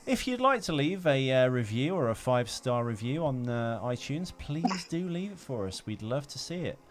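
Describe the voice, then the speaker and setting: A man co-hosting a podcast in casual banter, halting and self-deprecating, with many fillers. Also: medium pitch, sing-song. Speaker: podcast co-host.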